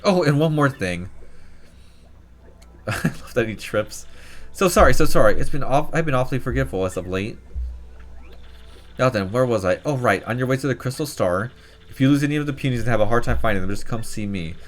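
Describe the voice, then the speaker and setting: A man voices a cranky old tribal elder woman from a video game. She barks orders and lectures the young with no patience at all. Quiet game music hums behind her. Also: medium pitch, animated, a little fast, pauses often, close to an everyday voice. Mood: lecturing. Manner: barking, scolding, impatient.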